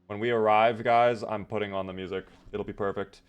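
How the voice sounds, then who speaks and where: A man's voice: fairly low pitch, steady tone, fairly quick, smooth. A man streaming a game live, chatting casually with viewers in a joking way and swearing freely. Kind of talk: casual live gameplay chat.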